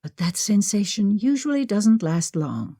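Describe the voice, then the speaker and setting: A woman's voice: mid-range voice, very animated, measured pace, warm tone, dry recording, clean studio sound. A woman reading the part of an impatient, restless young woman treasure hunter in an audiobook, with a grumbling manner.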